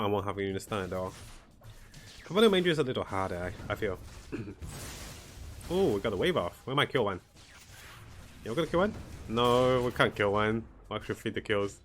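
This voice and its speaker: Gamer guy, lowish voice, relaxed play-by-play, thinking aloud over faint hiss. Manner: thinking aloud, relaxed, talks to himself and the game. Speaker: gaming commentator. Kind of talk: casual live gameplay commentary.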